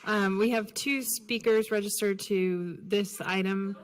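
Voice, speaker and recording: Brisk woman chairing a board meeting. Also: medium pitch, steady tone. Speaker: meeting chair calling speakers. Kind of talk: formal meeting procedure.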